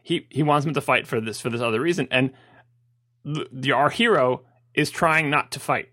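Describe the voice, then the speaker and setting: A man co-hosting a casual podcast about films, animated and acting out characters' lines as he talks. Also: mid-range voice, moderate pace. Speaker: podcast co-host. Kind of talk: casual film discussion.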